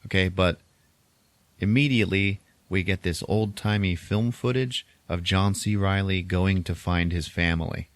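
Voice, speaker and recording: A man retells a movie to his co-hosts in a loose, chatty way, laughing often and acting out quotes from it. His voice is very low and deep. The recording is dry and close, with no room sound. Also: fairly even intonation, a little slow, no room sound. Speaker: podcast host. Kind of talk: casual movie recap.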